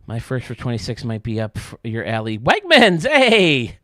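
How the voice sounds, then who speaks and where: A man's voice: fairly low pitch, flat delivery, fairly quick, darkish tone, dry recording, studio quality. A male streamer chatting casually with his viewers while gaming, joking and swearing freely.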